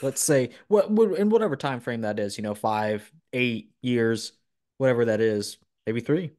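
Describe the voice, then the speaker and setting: A man's voice: mid-range voice, animated, moderate pace, a little mellow. A man hosting a podcast interview, mostly giving brief acknowledgments and asking the guest probing questions. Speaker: podcast host.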